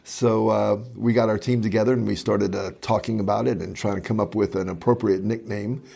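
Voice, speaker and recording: Gravelly older man, low and husky. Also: steady tone, warm tone. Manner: storytelling, many "uh" pauses, chuckles. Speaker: podcast co-host, magic club president. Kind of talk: casual chat.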